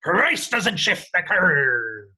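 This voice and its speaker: A man putting on a pirate voice to chant a rule slowly and loudly, husky in tone. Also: high voice, big pitch swings, voice pushed up, full character voice. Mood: gruff chant. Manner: slow, loud and drawn out.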